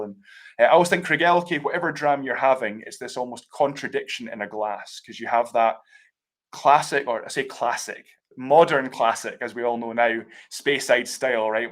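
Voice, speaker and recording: A Scottish man leads a live tasting over a video call. He talks with enthusiasm and explains at length, with loose, chatty fillers and asides. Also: medium pitch. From Scotland. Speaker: whisky brand ambassador.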